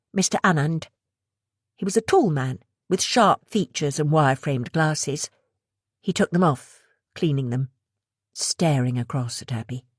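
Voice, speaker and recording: Low-voiced woman reading a thriller. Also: no room sound, clean studio sound. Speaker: audiobook narrator. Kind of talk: scripted narration.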